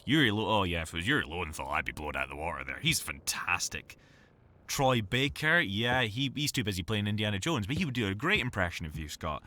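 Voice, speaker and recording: A male voice actor chats in a loose, rambling monologue from his home audio booth. He is jokey and self-mocking. His low voice has a bright, forceful edge and is caught close on a studio mic. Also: big pitch swings, a little fast. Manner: jokey and self-mocking, full of fillers and restarts.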